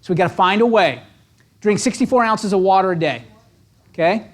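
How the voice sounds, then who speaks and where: A man giving an energetic motivational training talk to real estate agents, punchy and conversational, constantly checking in with "right?". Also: high voice, fairly quick.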